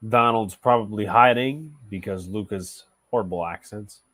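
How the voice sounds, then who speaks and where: A man's voice: on the low side, moderate pace, dry recording. A man hosting a casual livestream, joking with friends between play-by-play calls on a football game. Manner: joking, relaxed. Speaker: host and play-by-play caller.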